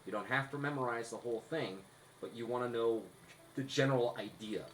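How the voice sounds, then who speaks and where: A man's voice: medium pitch, a little fast, slight background noise, rough recording. A man co-hosting a podcast, explaining rehearsal tips in a casual, instructive way. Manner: instructive, restarts often. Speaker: podcast co-host.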